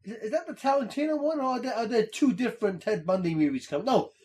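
A man chatting casually, retelling scenes with halting speech and fillers. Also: high voice, animated, darkish tone. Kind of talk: casual podcast chat.

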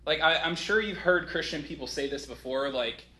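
A pastor in his thirties delivers a sermon in a relaxed, conversational way, full of asides and stories. His voice sits a little high for a man and sounds bright and forward. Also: normal speed. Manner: conversational, animated storytelling with many "like" asides.

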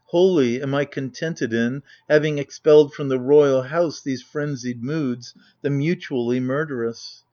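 A man's voice: fairly high pitch, a little mellow, lo-fi sound, natural voice. A man reading as a stately vengeful queen. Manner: stately, formal declamation. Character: vengeful queen plotting in her palace.

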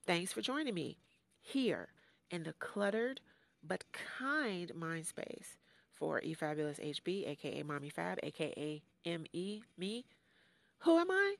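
A woman's voice: on the low side, lively intonation, unhurried, creaky, no echo. A middle-aged American woman hosting her own podcast, talking in a playful, self-mocking way and laughing at her own jokes. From United States. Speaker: podcast host. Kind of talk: casual solo podcast intro.

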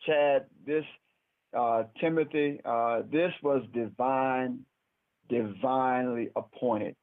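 A man's voice: mid-range voice, fairly even intonation, slow pace, dry recording. A man hosting a call-in broadcast, encouraging his guests and repeating himself. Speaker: host. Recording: tinny phone line, dry.

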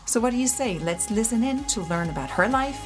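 A woman's voice: on the high side, expressive, brisk, over loud music. A woman introducing a podcast episode in a breezy, frank way. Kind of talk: episode intro over music.

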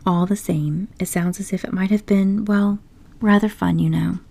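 A woman voicing a loyal, gentle male mole in an audiobook story, speaking softly and wistfully. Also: mid-range voice, steady tone, normal speed, creaky.

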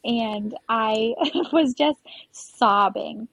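Husky-voiced woman telling her story. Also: on the high side, extremely slow, a bit bright, no room sound, rough recording. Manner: chatty, many "like" fillers, frequent laughter. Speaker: podcast guest. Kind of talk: casual storytelling interview.

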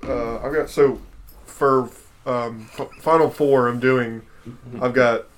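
A man's voice: mid-range voice, fairly even intonation, slow pace. A man co-hosting a casual chat, hesitant with many fillers and casual swearing. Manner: hesitant, filler-heavy, profane. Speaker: podcast co-host.

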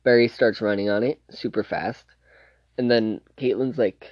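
A man's voice: fairly low pitch, fairly even intonation, unhurried, no echo, highs cut off. A man casually recapping a TV show's plot, rambling and restarting as he loosely quotes the scenes. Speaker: TV show reviewer.

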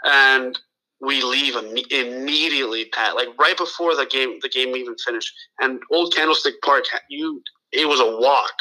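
A man with a very bright, sharp voice tells a long, rambling story in casual chat. He swears freely, restarts his sentences and acts out the lines of the people in it. The sound is that of a talk radio show. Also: medium pitch, moderate pace, poor audio. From Los Angeles area. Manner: rambling, profane, full of restarts and quoted dialogue. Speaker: guest telling a story.

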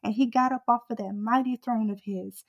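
A woman with a fairly high voice delivers a fervent sermon, driving home her point with rhythmic, repeated refrains. Her intensity keeps building as she exhorts the listener. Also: steady tone, fairly quick, vocal fry, muffled recording. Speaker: preacher.

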